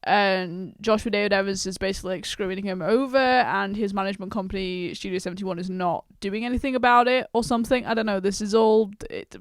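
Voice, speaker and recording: A woman's voice: mid-range voice, steady tone, dry recording, studio quality. A woman giving casual, rambling reaction commentary in a chatty way. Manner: chatty, rambling, quick to laugh. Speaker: reaction YouTuber.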